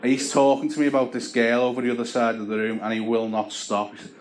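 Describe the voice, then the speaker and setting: A man's voice: medium pitch, level tone, fast, slight background noise. A man doing a stand-up routine of dry, self-deprecating stories on a comedy club stage. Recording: echoey club with crowd laughter.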